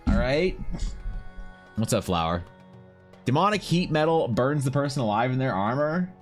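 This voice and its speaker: Male streamer, mid-pitched, rambling casual chat over faint music. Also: expressive, normal speed. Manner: rambling, thinking aloud, answering chat.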